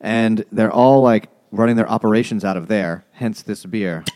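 A man's voice: on the low side, moderate pace, a little mellow. A man co-hosting a casual podcast, retelling plot with wry, sarcastic asides. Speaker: podcast co-host. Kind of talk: casual beer-drinking book chat.

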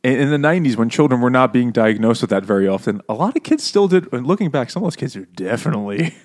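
A man's voice: medium pitch, animated, quick pace, darkish tone. A man co-hosting a comedy podcast, riffing crudely about old children's books and acting out quotes in silly voices. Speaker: podcast co-host. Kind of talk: casual comedic book discussion.

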